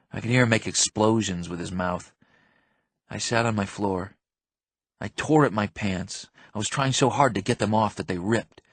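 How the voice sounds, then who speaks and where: A man narrating an audiobook in the first person, intense and numb in the quiet stretches. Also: on the low side, no room sound.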